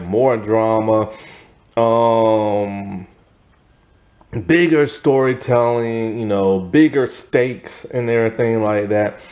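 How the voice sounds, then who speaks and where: A man talks through a TV series review in a loose, rambling way, with plenty of fillers and laughs along the way. His pitch swings up and down a lot. He takes his time and speaks at an unhurried pace. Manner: rambling and animated, heavy on fillers, laughs often. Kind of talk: casual spoken video review.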